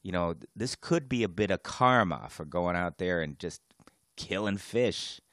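Low-voiced guy on a podcast, wry teasing banter, dry close sound. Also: animated, normal speed, a bit bright, no room sound. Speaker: podcast co-host. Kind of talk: casual podcast chat.

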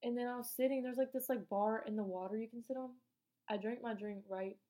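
A teenage girl rambling through a travel story, her voice pitched a little high yet soft and mellow. She swears freely, drops slang and acts out every exchange in quick voices. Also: rough recording. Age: late teens. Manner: profane, chatty, slangy; animated, acts out dialogue. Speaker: vlogger. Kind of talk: casual storytelling.

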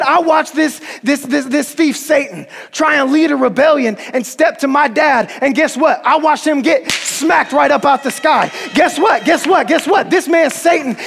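A man's voice: very high-pitched, vocal fry, fairly bright tone, full character voice. A man playing a swaggering triumphant savior. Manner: bold, repetitive, rallying cries. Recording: long hall reverb.

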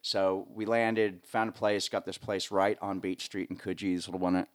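A man's voice: sits low, moderate pace. A middle-aged man from the United States, a live sound rigger, telling rambling stories in a casual interview. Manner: rambling, lots of fillers, animated voices when quoting.

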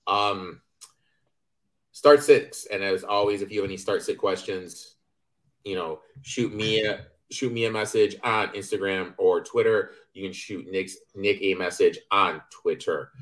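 Low-voiced ranting sports podcast host. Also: male voice, fairly even intonation, unhurried, a bit bright. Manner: blunt, ranting, swears casually. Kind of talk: casual sports betting podcast talk.

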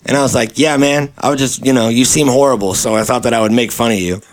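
A man's voice: medium pitch, fairly even intonation, quick pace. A young man hosting a casual chat show, telling an anecdote in a laid-back way and mimicking the people in it. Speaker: podcast host.

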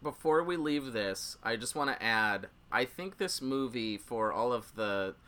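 Man, podcast host, bright voice, medium pitch, rambling casual talk, frequent restarts. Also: animated, a little slow, smooth. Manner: rambling, many restarts, quotes scenes in a high voice. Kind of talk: casual film discussion.

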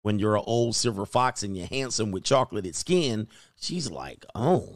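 A man's voice: lowish voice, animated, moderate pace, no room sound, studio quality. A middle-aged man hosting casual commentary, slangy and preachy, with laughing asides. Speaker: host.

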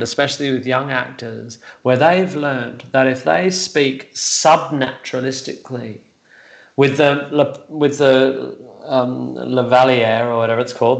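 A man's voice: mid-range voice, vocal fry, reverberant, low-quality recording. A man on a video call, a guest actor and writer, talking in a rambling, reflective way that turns self-deprecating. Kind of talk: casual chat on a video call.

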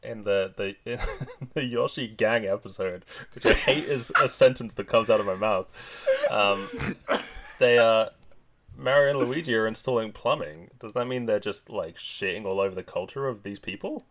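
A man's voice: on the low side, normal speed, fairly bright tone, slight background noise. A man co-hosting a podcast, speaking in a hesitant, wry, questioning way. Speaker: podcast co-host. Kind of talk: casual comedic chat.

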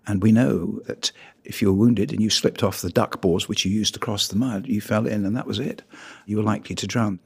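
A man from Britain, a photographer giving a public talk on his pictures in an earnest, measured way with emphatic rises on key words. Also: on the low side, steady tone, vocal fry, a little mellow, breathy edge.

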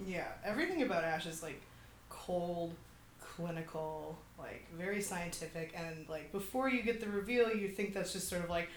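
A young woman co-hosting a podcast, chatting casually about a film, laughing often and saying "like" a lot. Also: moderate pace. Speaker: podcast co-host. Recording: echoey room with faint rumble.

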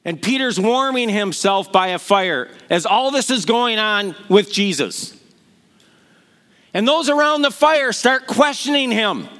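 A man's voice: high voice, expressive, measured pace, fairly bright tone. A middle-aged man preaching a sermon, telling the stories with animation and acting out the voices he quotes. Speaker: pastor.

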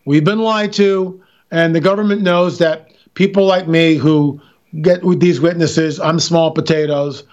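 A man's voice: a little high, fairly even intonation, unhurried, darkish tone. Guy guesting on a radio show, emphatic storytelling, muffled line. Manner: emphatic storytelling, frequent restarts. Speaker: interview guest, filmmaker and author. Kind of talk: animated radio interview talk.

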